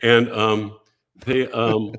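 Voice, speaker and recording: An older man, a podcast guest, telling animated stories from his career and briefly acting out other people's voices. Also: fairly low pitch, extremely slow, slight background noise. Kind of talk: casual storytelling interview.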